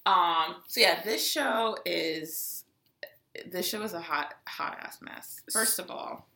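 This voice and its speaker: A woman's voice: fairly low pitch, creaky, roomy sound. A young woman co-hosting a podcast, chatting casually and reacting expressively. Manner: expressive, reactive, quick to laugh. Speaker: podcast co-host. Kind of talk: casual chat.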